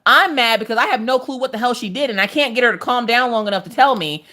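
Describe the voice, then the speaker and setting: A woman hosting a casual craft livestream, telling animated, exasperated stories about her family. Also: fairly high pitch, quick pace. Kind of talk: casual chat.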